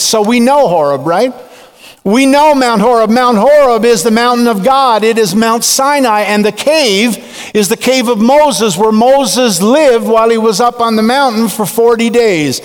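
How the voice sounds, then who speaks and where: A man preaching a sermon in a slow, deliberate way with dramatic pauses. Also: very high-pitched, smooth. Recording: long reverb of a large hall.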